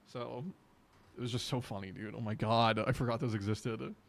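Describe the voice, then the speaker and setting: Brief: young man, casual streamer chat, easygoing and quick to laugh, mid pitch. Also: vocal fry. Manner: laid-back, excitable, laughs easily.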